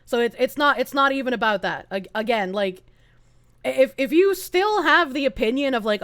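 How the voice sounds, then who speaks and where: High-voiced woman streamer ranting. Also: expressive, normal speed, a bit bright, dry recording. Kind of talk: live-stream rant.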